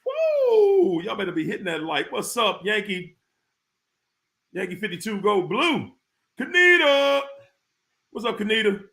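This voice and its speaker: A man's voice: high voice, normal speed, gravelly, bright, forceful tone. A man hosting a livestream who greets viewers by name, hyped and whooping now and then. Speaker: livestream host. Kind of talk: live chat shout-outs.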